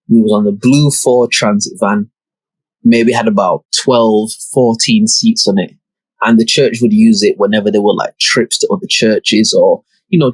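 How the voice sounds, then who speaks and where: A man's voice: medium pitch, breathy edge, dry recording, poor audio. A young man, hosting a podcast and telling a story in a laid-back, slangy way with plenty of swearing. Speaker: podcast host. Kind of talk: casual storytelling.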